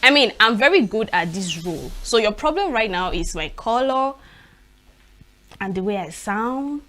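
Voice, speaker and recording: A young Nigerian woman presenting a live newspaper review, talking in an animated, expressive way with frequent laughs and restarts. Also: mid-range voice, moderate pace.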